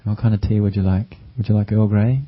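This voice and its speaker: A man voicing a wise emperor who greets a guest with warm hospitality. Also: on the low side, level tone, fairly quick, lightly acted. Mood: welcoming. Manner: warmly welcoming, hospitable. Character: wise, gracious old-world emperor. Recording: dull lo-fi recording.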